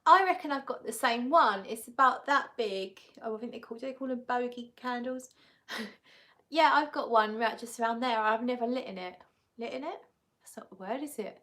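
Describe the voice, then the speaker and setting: A woman's voice: a little high, moderate pace, fairly bright tone. A woman hosting a live stream, chatting casually as she reads out viewer comments, giggly and often correcting herself. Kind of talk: casual chat.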